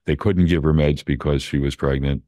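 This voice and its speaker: An older man, a neuroscience professor, calmly explaining brain science in plain terms during a conversation. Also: extremely low pitch, moderate pace, no echo, lo-fi sound.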